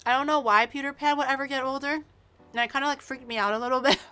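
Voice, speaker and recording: A woman's voice: high voice, fairly even intonation, quick pace, sharp tone, clean tone. A woman in her early twenties with a Canadian accent, chatting casually and teasingly with viewers on a livestream, with lots of fillers. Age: early 20s. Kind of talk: casual chat reacting to viewers.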